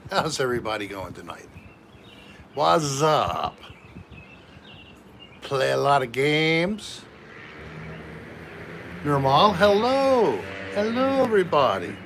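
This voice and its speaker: A man's voice: medium pitch, expressive, takes it slowly, vocal fry, pauses often, pushed and bright, a little hiss or hum. A man hosting a casual live stream from home, chatting with viewers and reading out their names one by one. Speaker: livestream host.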